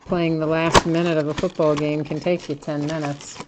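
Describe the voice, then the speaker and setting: A woman's voice: deep voice, flat delivery, normal speed, heavy background noise. A woman hosting a live card break, chatting casually and reading out each card as she opens packs. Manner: chatty, laughs at herself, reads out card names. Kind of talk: casual live-stream commentary while opening cards.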